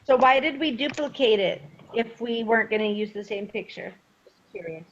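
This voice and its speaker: A woman's voice: a little high, normal speed. A woman learning the steps in a casual video call, asking questions and checking each step. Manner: questioning, asks to have steps repeated. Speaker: trainee. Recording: muffled call audio with faint noise.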